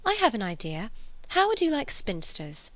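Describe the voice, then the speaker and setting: A woman's voice: a little high, wildly swooping pitch, normal speed, no echo, pitched above the performer's own voice. A woman reading aloud, voicing an earnest, eager young woman with a lifted, pleading tone. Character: earnest, lively young Englishwoman.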